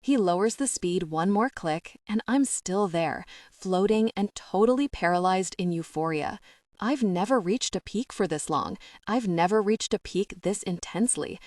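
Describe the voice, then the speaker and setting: A woman narrating a first-person romance audiobook in a soft, intimate way. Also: medium pitch, lively intonation, normal speed, no echo, clean studio sound.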